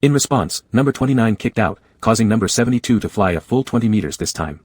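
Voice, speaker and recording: Male audiobook narrator, steady measured delivery, husky, low, dry close recording. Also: dry recording. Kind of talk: scripted narration.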